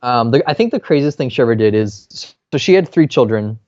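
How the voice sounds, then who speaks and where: A podcast co-host in a New York apartment chats casually through a family story, voicing the people he quotes with a raised pitch. His intonation is lively, his pace brisk and his tone a little mellow. The recording is dry, with the highs cut off.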